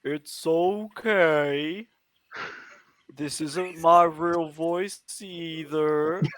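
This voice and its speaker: A woman voicing a tree that speaks slowly and drawn out. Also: sits low, pitched below the performer's own voice. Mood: wary. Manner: slow and drawn out. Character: slow-talking shy tree, mimicking speech.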